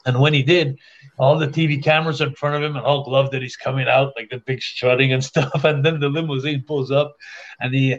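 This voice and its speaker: An older man from Canada spins long, winding stories in a casual way, stumbling over restarts and breaking into laughter as he goes. His voice sits in an ordinary middle pitch. The podcast audio sounds dull and lo-fi. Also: fairly even intonation, fairly quick. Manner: rambling anecdotes with frequent restarts and laughter. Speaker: interview guest. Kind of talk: casual storytelling.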